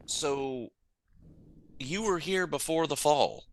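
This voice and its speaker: A man's voice: a little high, slow pace. A man playing in a tabletop game, speaking hesitantly with many fillers. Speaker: player.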